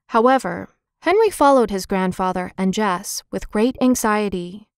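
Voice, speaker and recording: A woman narrating a children's chapter book in a clear, gentle, expressive reading. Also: mid-range voice, normal speed, hardly any pauses, no echo, studio quality. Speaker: audiobook narrator. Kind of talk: scripted storybook narration.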